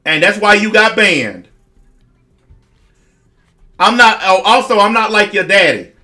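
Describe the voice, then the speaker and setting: Forceful high-voiced man ranting angrily. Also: lively intonation, a little slow, soft background music. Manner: aggressive, confrontational, blunt; repeats lines for emphasis. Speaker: online commentator. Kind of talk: profane rant to camera.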